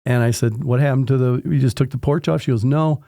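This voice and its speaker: A home inspector tells conversational stories from his work, acting out the dialogue in animated anecdotes. His voice is medium-pitched and quick, recorded dry with clean studio sound.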